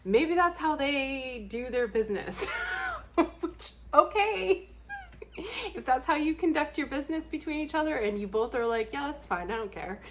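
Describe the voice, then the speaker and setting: A woman's voice: high voice, animated, a little slow, slight background noise. A young adult woman talking bluntly and candidly to camera in a casual vlog chat, laughing often and swearing freely. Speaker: book vlogger.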